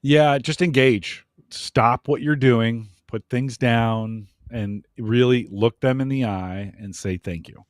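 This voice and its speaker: A man's voice: medium pitch, slow, few pauses, dry recording, clean studio sound. A man in a casual podcast talk, giving earnest coaching advice to podcasters.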